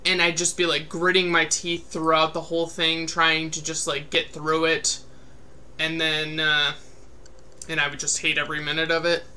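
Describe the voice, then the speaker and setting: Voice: mid-range voice, completely flat delivery, moderate pace, sharp tone, smooth. A podcast host giving an irritated, profane, sarcastic spoken movie review. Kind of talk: casual spoken review rant.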